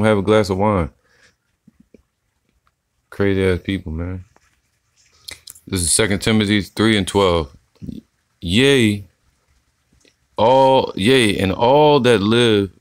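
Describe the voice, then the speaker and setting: A man giving casual, slangy religious commentary, reading scripture slowly and tagging his sentences with "man". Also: low voice, darkish tone, no room sound, studio quality. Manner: slangy, profane, preachy, says "man" often; slow deliberate scripture reading.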